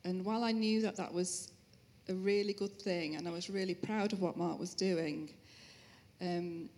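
A woman speaking as an interview guest, sharing her personal faith story and family life in a gentle, sincere way. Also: fairly low pitch, steady tone, moderate pace. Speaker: interview guest, musician's wife. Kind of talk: personal testimony.

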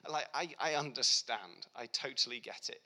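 A young man giving a heartfelt personal faith testimony, speaking earnestly and reflectively with pauses and restarts. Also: medium pitch, bright, forceful tone. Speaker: Christian speaker.

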